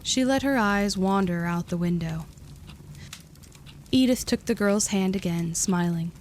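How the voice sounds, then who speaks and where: A woman reads a storybook aloud in a calm, steady voice of middle pitch. Her narration is even and unhurried, with a faint hiss of noise underneath.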